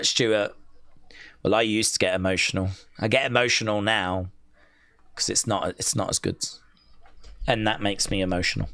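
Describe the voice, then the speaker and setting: A man giving excitable, jokey play-by-play on a live wrestling watch-along and reading viewer comments aloud. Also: medium pitch, no room sound, clean studio sound.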